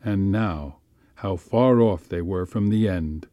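A man reading a classic short story aloud in a measured, unhurried way. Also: deep voice, dark tone, no room sound, clean studio sound. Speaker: narrator.

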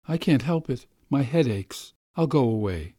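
A man's voice: mid-range voice, lively intonation, measured pace, dark tone, dry recording, voice pushed up. A man puts on a young governess, tearful and trembling, her voice lifted above his own. She pleads anxiously in a storybook reading, close and dry. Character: young woman governess, frightened and ashamed.

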